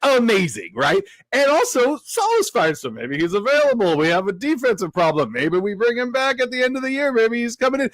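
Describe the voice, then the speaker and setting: A man co-hosting a sports podcast, talking in an excitable, gleeful way. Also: very high-pitched, fairly quick, hardly any pauses, dry recording. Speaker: podcast co-host. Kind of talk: casual sports talk.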